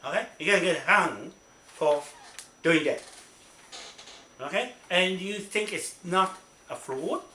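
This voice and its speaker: A man's voice: high-pitched, expressive, slow pace, long pauses, bright, forceful tone. A man ranting into his own camera, swearing, repeating himself and tagging his points with "right?". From New Zealand. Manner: angry, profane, repetitive, keeps asking "right?". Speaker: self-recorded complainant. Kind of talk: ranting self-made video. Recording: echoey room with faint noise.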